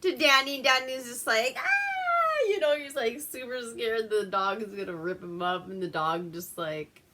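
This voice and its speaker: A woman's voice: on the high side, steady tone, normal speed, bright, forceful tone, a little hiss or hum. A woman from Alaska casually recapping a movie at home, giggling, swearing and rambling with lots of fillers. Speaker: movie reviewer host.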